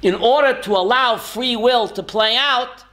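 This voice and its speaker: A man's voice: very high-pitched, measured pace, pushed and bright. A man, a rabbi, teaching a Torah class in a folksy, joking way and quizzing his listeners by name. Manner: folksy, jokey asides.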